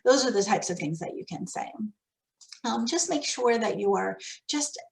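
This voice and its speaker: A woman with a fairly high voice leads a professional development talk for preschool teachers. She gives practical, conversational advice on how staff should behave with parents. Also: lively intonation, moderate pace, gravelly, low-quality recording. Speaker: early childhood teacher trainer.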